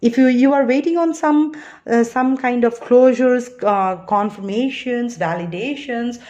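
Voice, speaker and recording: A woman's voice: a little high, unhurried, dark tone, lo-fi sound. Lady doing a chatty tarot reading, earnest, lots of "you know". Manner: chatty and rambling, frequent "you know" and "all right"; earnest and reassuring. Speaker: tarot reader. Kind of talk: tarot card reading to camera.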